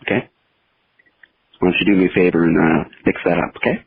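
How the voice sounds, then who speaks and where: A man's voice: deep voice, fairly even intonation, brisk, vocal fry, a little hiss or hum. A man voicing a grumpy, crude old male crank caller who insults and complains. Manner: insulting, complaining, mock-angry. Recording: tinny phone-line recording.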